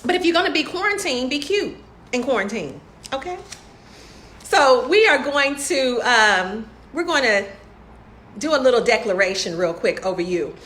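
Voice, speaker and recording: A hoarse woman hosting an upbeat motivational live stream, greeting viewers by name and laughing often. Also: high-pitched, animated, moderate pace, fairly bright tone, a little hiss or hum. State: hoarse, losing her voice. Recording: echoey room.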